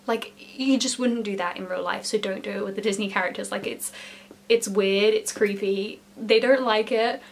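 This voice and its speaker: A young woman chatting casually in a storytelling vlog, with many "like" fillers and lively emphasis. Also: mid-range voice, normal speed, a little hiss or hum. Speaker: former theme park character performer.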